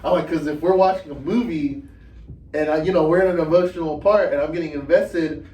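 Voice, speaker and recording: A man's voice: fairly high pitch, brisk. A young man, a podcast guest, telling family stories in casual chat and acting out their lines. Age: young adult. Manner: animated storyteller, acts out his family's lines. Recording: echoey room, mic at a distance.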